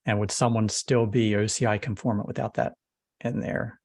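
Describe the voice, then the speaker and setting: A man leading a technical meeting over a video call, talking casually in a self-described monotone. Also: lowish voice, moderate pace, creaky, no room sound, studio quality. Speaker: meeting lead.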